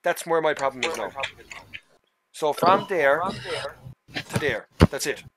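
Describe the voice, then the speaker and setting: Irish male streamer, fairly high voice, casual sweary chatter, heavy engine noise behind. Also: animated, measured pace. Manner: rambling, sweary, jokey. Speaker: game streamer. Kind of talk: casual live-stream chat.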